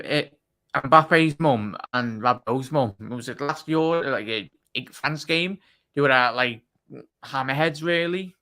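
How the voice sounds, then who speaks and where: A man's voice: mid-range voice, pushed and bright. A man as a guest on a football show, blunt and opinionated in casual chat. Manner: blunt, opinionated, says mate a lot.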